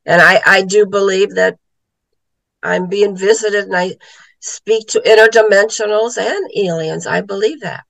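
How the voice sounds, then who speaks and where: Gravelly woman telling a story. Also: mid-range voice, a little slow, no echo, low-quality recording. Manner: animated storyteller acting out quoted voices. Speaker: guest, author and psychic medium. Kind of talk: casual storytelling interview.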